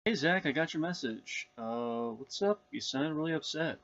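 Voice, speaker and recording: A man's voice: a little high, animated, normal speed, fairly bright tone, lo-fi sound. A man voicing a flustered male cinematographer who stammers and pleads in a comedy sketch. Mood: confused.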